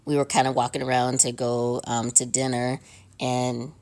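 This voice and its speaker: Low-voiced woman rambling through a fan recap. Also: level tone, normal speed, darkish tone. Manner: rambling, many ums and uhs. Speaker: fan sending in a recorded story. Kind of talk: casual voice-memo recap.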